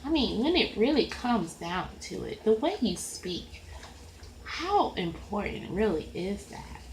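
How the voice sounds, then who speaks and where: A woman with a Southern accent and a high voice, talking slowly and rambling in a chatty, easygoing way as she colors. Her voice carries in a roomy, echoey space. A faint hiss of noise sits underneath. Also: sing-song. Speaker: coloring video creator. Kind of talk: casual chat while coloring. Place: at home at a coloring desk.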